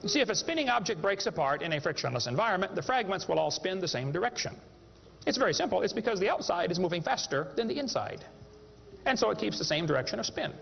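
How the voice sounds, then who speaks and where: High-voiced man telling a joking lecture. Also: sing-song, quick pace, creaky, fairly bright tone. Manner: folksy, joking storyteller. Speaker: creationist speaker. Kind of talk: humorous lecture to a live audience. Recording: echoey hall, dull lo-fi sound.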